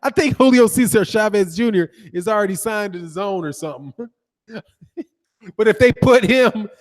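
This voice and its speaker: Slangy high-voiced boxing host, roomy echo. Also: male voice. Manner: slangy, laughing, says "dog" and "man" a lot. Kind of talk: casual livestream chat reading viewer comments.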